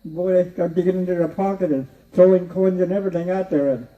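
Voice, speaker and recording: This is a man's spoken story, told quickly in a high-pitched voice with fairly even intonation. He rambles, repeats himself, and keeps chuckling to himself, all heard through a distant, dull lo-fi recording.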